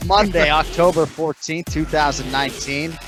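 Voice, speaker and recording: A man's voice: a little high, fairly even intonation, normal speed, over music. Joking man hosting a podcast. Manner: joking, profane, rambling. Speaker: podcast host. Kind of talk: casual chat.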